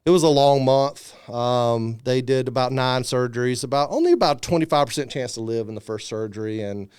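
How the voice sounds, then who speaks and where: A podcast guest in his thirties tells a personal tale briskly, in a casual and spirited way, performing the voices of the people he quotes. His voice is smooth and medium-pitched, and the recording is dry and studio quality.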